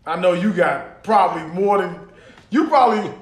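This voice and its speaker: High-voiced, profane young man in banter. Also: lively intonation, moderate pace. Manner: loose, profane, laughing banter. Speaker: podcast co-host. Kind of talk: casual chat. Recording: echoey room.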